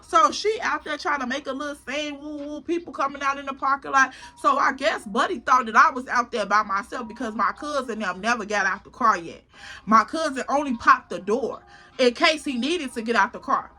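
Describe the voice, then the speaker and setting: A woman vlogger telling a story in a casual, animated and profane way, acting out the drama. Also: sits high, normal speed, soft background music.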